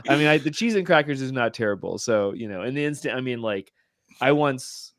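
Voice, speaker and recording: A man's voice: medium pitch, lively intonation, a little fast, fairly bright tone, no room sound. A man as a podcast guest in casual chat, rambling with lots of fillers.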